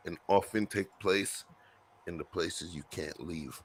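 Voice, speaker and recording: A man with a somewhat low voice leads a casual panel talk. He lectures in an informal, insistent way and keeps turning to the others for their views. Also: steady tone, a little slow, husky.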